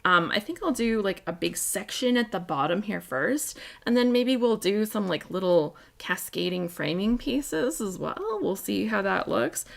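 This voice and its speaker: A woman's voice: medium pitch, gravelly. A woman hosting a scrapbooking livestream. She chats casually and thinks aloud as she demonstrates a craft, and she talks to her viewers by name. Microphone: desk microphone.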